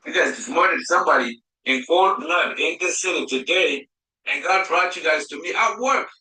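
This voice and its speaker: A man working as a driver, confronting officers, challenging them with heated questions and sometimes shouting. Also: fairly high pitch, lively intonation, normal speed, roomy sound, poor audio.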